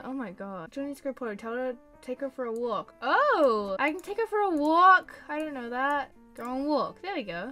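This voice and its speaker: A woman chats her way through a game, her voice sitting a bit high and full of quick excitement. She talks to the pets on screen and gushes at every little moment. Faint game music plays underneath. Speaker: gameplay commentator. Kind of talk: casual let's-play commentary.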